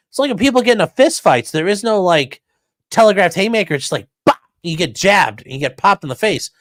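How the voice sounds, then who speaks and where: A man's voice: sits high, a little fast, no echo. A man hosting a podcast, commenting sarcastically and profanely on news clips. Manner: sarcastic, profane, animated mockery. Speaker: podcast host.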